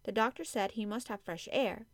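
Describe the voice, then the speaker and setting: A woman's voice: mid-range voice, normal speed, no room sound, natural voice. A woman reading an audiobook, voicing an eager, earnest young girl with a raised voice.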